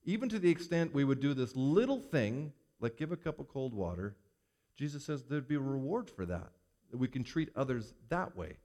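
A man preaching a sermon as a pastor, reading scripture aloud and commenting on it with animated emphasis. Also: medium pitch, moderate pace. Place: church.

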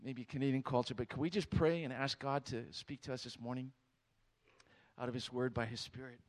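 A man's voice: medium pitch, steady tone, brisk. Man, from Romania, guest preacher, sermon, storytelling, prayerful.

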